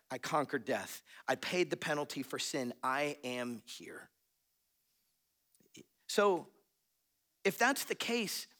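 Man, pastor, sermon, high voice, very lively pitch, conversational, laughs a lot. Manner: animated, conversational, laughs often.

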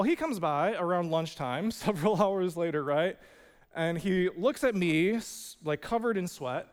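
A man with a high, smooth, resonant voice tells a personal story from the pulpit, loose and funny, sprinkling in "like" as he goes. His words ring out with the long reverb of a big church hall. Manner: casual, humorous storytelling with many "like" fillers. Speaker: pastor. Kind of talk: storytelling sermon. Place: church sanctuary.

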